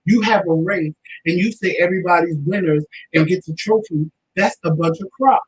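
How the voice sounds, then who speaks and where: A man's voice: high-pitched, moderate pace, slight background noise, low-quality recording. A man hosting a talk show in casual chat, making his points with emphasis and repeating them.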